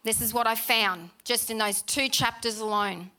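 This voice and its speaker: Bright-voiced woman preaching. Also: fairly high pitch, moderate pace. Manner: animated, chatty, with laughs and emphatic repetition. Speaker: pastor. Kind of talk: sermon. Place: church hall.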